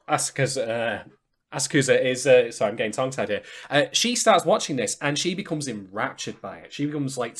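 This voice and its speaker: A man co-hosts a laid-back podcast. His talk is animated and full of emphatic, salty asides. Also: on the high side, husky. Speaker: podcast co-host. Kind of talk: casual podcast chat.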